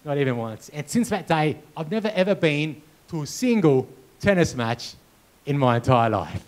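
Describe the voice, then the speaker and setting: Here a keynote speaker works a conference-hall audience with a story, voicing the dialogue and sound effects himself. He is very animated, his pitch fairly high, his pace moderate.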